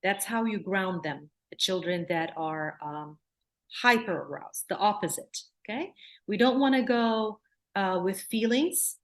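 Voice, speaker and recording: A woman from Palestine, a clinical psychologist giving a workshop lecture in an earnest way, often repeating words and slipping into gentle soothing phrases. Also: medium pitch, a little slow. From Palestine, raised in Jordan.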